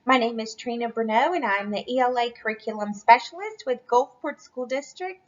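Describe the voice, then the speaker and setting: A woman's voice: a little high, moderate pace, highs cut off. A woman curriculum specialist reading a storybook aloud to children in a cheerful, encouraging lesson. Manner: cheerful, encouraging teacher talk.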